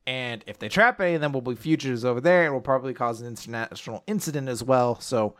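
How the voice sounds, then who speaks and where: A man's voice: medium pitch, fast. A man co-hosting a casual recap show, rambling through a story and quoting characters along the way. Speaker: podcast co-host. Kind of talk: casual chapter recap chat.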